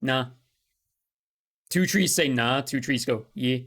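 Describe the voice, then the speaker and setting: A man's voice: medium pitch, slow pace, fairly bright tone. A man with a mid-range voice narrates a tabletop game as its game master. He talks loosely and laughs easily. He stops often to correct himself.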